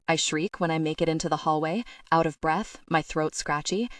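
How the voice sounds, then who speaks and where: A woman narrating a first-person romance audiobook in an expressive voice. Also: low-pitched, normal speed, hardly any pauses, no echo, clean studio sound, distant mic.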